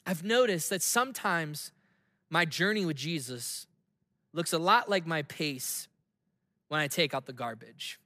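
A man in his thirties delivers a sermon in a high, bright voice that rings through a long hall reverb. He tells a story conversationally, with quick asides and easy laughs. His voice sounds tense and clear. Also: animated, studio quality. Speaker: pastor.

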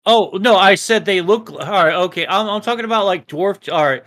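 A man co-hosting a casual podcast, rambling and swearing a lot, a little high as he talks. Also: brisk, fairly bright tone. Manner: rambling, profane, restarts a lot. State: a bit high. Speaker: podcast co-host. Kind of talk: casual chat.

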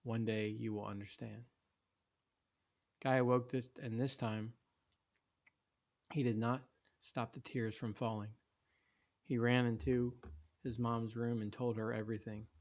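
A man reading a story aloud in a steady, plain way, with small slips. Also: mid-range voice, measured pace, long pauses. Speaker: narrator.

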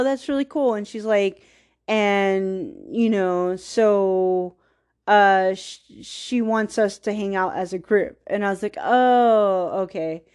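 Her voice clear and resonant at a medium pitch, a podcast host wanders through a personal anecdote. She leans heavily on "like" and laughs at herself wistfully along the way.

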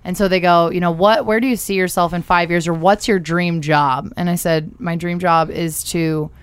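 A young woman co-hosting a podcast, telling a story in a lively, blunt way. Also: lowish voice, moderate pace, clear, resonant tone, dry recording. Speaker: podcast co-host. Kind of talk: casual storytelling.

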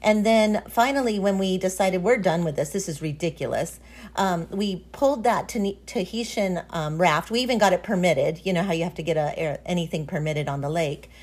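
A woman's voice: on the low side, a little fast, a little mellow. A woman hosting an interview who talks in a chatty way, laughs easily and uses many fillers. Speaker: host. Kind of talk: casual interview chat.

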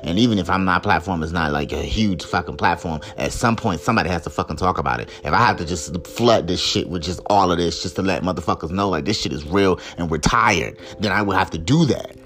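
Angry, profane man ranting low. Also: fast, hardly any pauses. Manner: heated, profane, rising to shouts of outrage. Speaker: podcast host. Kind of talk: angry solo commentary.

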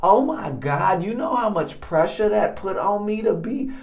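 Man, slow drawn-out delivery, effusive, exclamatory, casual testimony monologue. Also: high-pitched, very animated, vocal fry, highs cut off. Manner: effusive, exclamatory, repeats himself. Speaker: podcast host. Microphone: own recording mic.

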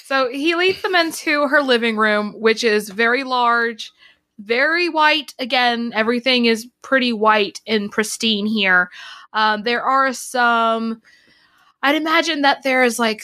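Lady describing a scene in a tabletop game, takes her time, kinda bright voice. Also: a little high. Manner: unhurried, musing. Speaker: player.

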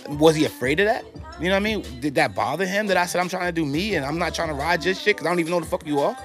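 A man, a guest telling rough, profane stories in casual talk and acting out the other voices. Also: fairly high pitch, racing, soft background music. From New York. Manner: animated, profane, acts out quoted dialogue. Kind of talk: casual storytelling.

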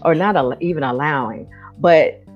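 A woman hosting a podcast, chatting casually and encouraging her guest, often pausing to search for words. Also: low voice. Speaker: podcast host. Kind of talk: casual chat. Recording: dull lo-fi sound with faint music.

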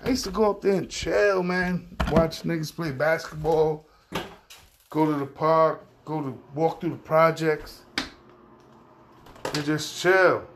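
New York man, podcast host, gravelly, profane street-talk monologue. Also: fairly high pitch, fairly even intonation, slow, slight background noise. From Far Rockaway, Queens, New York. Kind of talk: casual opinion monologue.

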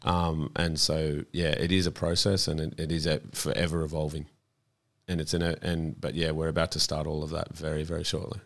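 A man's voice: rumbling low, monotone, fairly quick, creaky, a bit bright. A man, talking earnestly in an interview about a campaign he runs and often repeating words as he thinks. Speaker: child protection campaigner, guest. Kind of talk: conversational interview.

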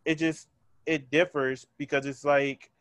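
A man's voice: fairly high pitch, little pitch movement, unhurried, fairly bright tone, clean tone, no echo. Emphatic man hosting a podcast. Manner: emphatic, hammers points with repetition. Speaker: podcast host. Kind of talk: casual podcast chat.

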